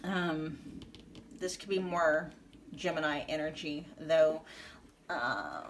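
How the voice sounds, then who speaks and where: Here a tarot reader with a Midwestern American accent talks her viewers through a relaxed reading, rambling as she thinks and filling it with ums and false starts. She speaks slowly in a low voice, over a faint hiss or hum.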